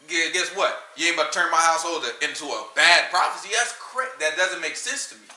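A man preaching a sermon. He talks in a lively, conversational way and often breaks into shouts. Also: a little high, a little fast, roomy sound, rough recording.

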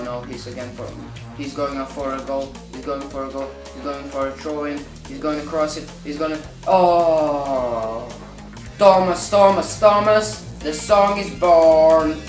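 A woman giving let's-play commentary on a football video game, swearing a lot and swinging from low mutters to excited shouting. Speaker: gamer. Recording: roomy echo. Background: faint background music.

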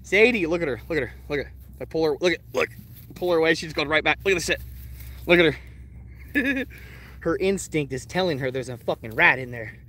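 A man livestreaming outdoors while walking his dogs, casually chatting with viewers and swearing freely in an excitable way. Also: fairly high pitch, brisk, pauses often. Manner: profane, excitable, greets chat viewers. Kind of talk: casual live stream chat.

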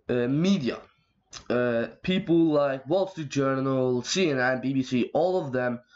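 A man's voice: on the high side, muffled recording. A young man and YouTuber, ranting angrily and swearing often in a casual vlog. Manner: profane, ranting, exasperated. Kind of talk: angry rant vlog.

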